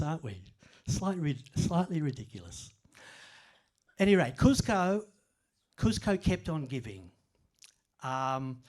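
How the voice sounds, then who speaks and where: A man's voice: a little high, darkish tone. Older man telling funny stories. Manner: self-deprecating humorous storyteller. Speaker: author giving a talk. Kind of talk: storytelling presentation. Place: library event room.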